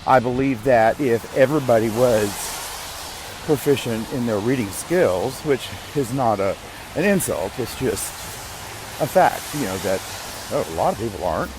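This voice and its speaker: A man's voice: medium pitch, expressive, normal speed, noisy background. A man hosting a podcast, rambling casually to himself with restarts and the odd curse. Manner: rambling, self-interrupting, occasional swearing. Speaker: podcast host.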